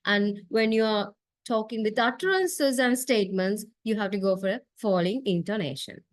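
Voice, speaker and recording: A woman's voice: medium pitch, normal speed, dry recording. A woman lecturing to a class, explaining step by step with frequent uh fillers and a questioning "right?" tag. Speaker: university lecturer.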